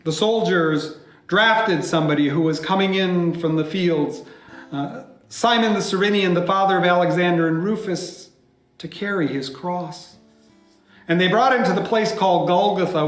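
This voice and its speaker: High-voiced man telling a story dramatically. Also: a little slow, soft background music. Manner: dramatic, with hushed whispered lines. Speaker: pastor. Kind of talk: by-heart biblical storytelling. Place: church. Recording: echoey church room.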